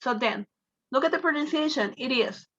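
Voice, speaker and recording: Her voice high and bright, a Spanish-speaking English teacher gives an online class lecture at normal speed, explaining carefully and dropping into Spanish now and then. The audio is dull and lo-fi, like a video call.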